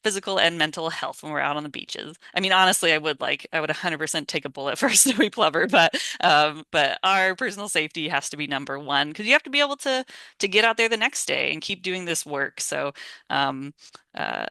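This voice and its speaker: Bright, chatty volunteer trainer. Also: medium pitch, lively intonation, a little fast, clear, resonant tone, dry recording. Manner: chatty and informal, laughs often, acts out sample lines. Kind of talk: casual online training talk. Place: home or office on a video call. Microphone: video call microphone.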